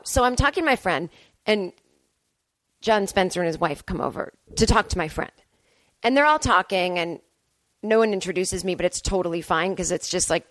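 A woman's voice: medium pitch, no room sound. A woman comedian hosting her podcast, telling a rambling, self-deprecating story and acting out her own lines. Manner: rambling, self-deprecating, animated quoting of herself. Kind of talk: casual storytelling monologue.

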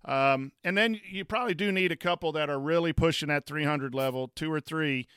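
A man's voice: a little high, fairly quick, a bit bright, smooth, dry recording, studio quality. A man, a former coach co-hosting a casual sports chat, rambling with many fillers and restarts. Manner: reads chat comments aloud. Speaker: podcast co-host, former coach.

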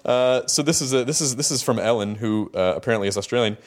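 A man's voice: mid-range voice, fast talker. A man interviewing a guest, joking and teasing while he reads out listener questions. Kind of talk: casual interview chat.

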